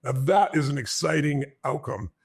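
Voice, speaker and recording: A middle-aged man telling a personal story to an audience in an animated way, acting out what people said. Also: moderate pace, creaky, slightly rough. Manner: animated storytelling, acts out dialogue with pitch jumps.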